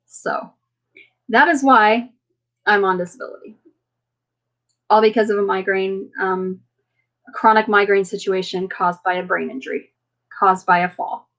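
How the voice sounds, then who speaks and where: A woman hosting a casual live chat, talking in an earnest, halting way and often circling back on herself. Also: mid-range voice, steady tone, a bit bright, low-quality recording. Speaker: livestream host.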